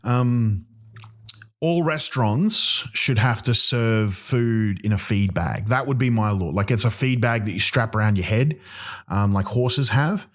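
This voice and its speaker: A man hosting a comedy podcast, ranting in mock outrage, full of ums and restarts. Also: fairly low pitch. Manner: rambling, halting, with many ums and restarts; mock-outraged, exaggerating for laughs. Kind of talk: comic rant.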